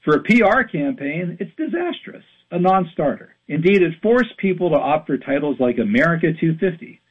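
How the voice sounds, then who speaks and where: A man's voice: a little high, brisk, breathy edge. A man in his fifties from western Pennsylvania, reading an emphatic radio commentary. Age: 50s. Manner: animated, emphatic delivery. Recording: tinny phone-like line.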